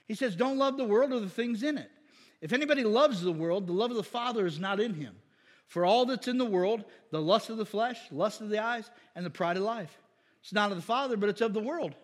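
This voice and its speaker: A man's voice: high-pitched, long reverb tail. A man preaching a sermon in a folksy, emphatic way, often calling for amens.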